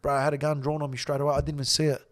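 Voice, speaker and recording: A middle-aged Australian man tells a story as a podcast guest, blunt and swearing constantly. He talks fast, in a slightly higher voice than most men, with lively, animated delivery.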